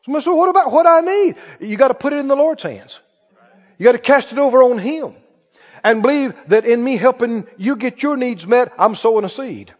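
A male pastor preaching a sermon, animated, putting questions to the congregation and drawing responses. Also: extremely high pitch, fairly quick. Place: church sanctuary. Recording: muffled, reverberant church hall.

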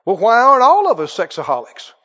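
A man's voice: sits high, wildly swooping pitch, quick pace, bright, forceful tone. A man preaching a sermon with emphatic call-and-response questions to his congregation. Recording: dull, echoey hall sound.

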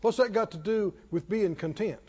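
A man with a high, darkish, slightly rough voice preaches a sermon at normal speed to a congregation in a church hall. He repeats phrases for emphasis and calls for responses. The reverberant hall makes for dull, lo-fi audio.

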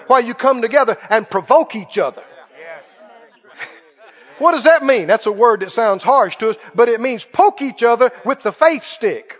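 A man preaching a sermon as pastor, emphatic, repeating his phrases and shouting at the high points. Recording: dull lo-fi sound with long hall reverb.

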